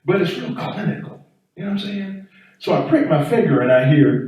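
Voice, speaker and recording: A man doing a stand-up set, chatty and animated with the crowd. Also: high-pitched, fairly quick, highs cut off. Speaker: stand-up comedian. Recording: echoey room from far off.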